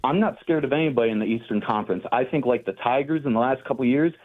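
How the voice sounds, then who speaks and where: A man's voice: mid-range voice, racing. A male sports fan calling in to a radio show, talking with rambling passion about his teams. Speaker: caller. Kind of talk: sports radio call-in chat. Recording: tinny phone line.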